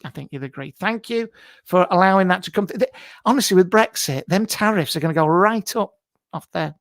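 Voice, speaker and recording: In a comic improvised live stream, a man plays a brash, camp, middle-aged TV psychic hosting a live show from his home garage. Blunt, rude and mock-mystical, he shouts greetings in a high-pitched, brisk voice with lively intonation and no room sound.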